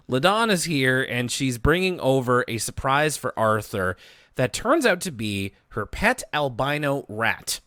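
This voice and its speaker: A man co-hosting a podcast recaps an episode in casual, detailed chat. His mid-pitched voice moves a lot, and the recording is dry and close. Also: fairly bright tone, dry recording. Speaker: podcast co-host.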